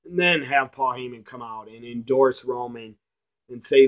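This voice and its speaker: A man ranting in a blunt, profane video review, slowing down to stress his points. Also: mid-range voice, fairly bright tone. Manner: emphatic, slows down to stress points.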